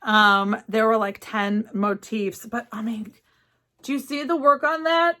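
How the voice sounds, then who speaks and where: Woman host, casual vlog chat, effusive and gushing; bright, slightly high voice. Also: unhurried. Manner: gushing, excitable, chatty. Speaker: cross-stitch vlogger. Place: home craft studio.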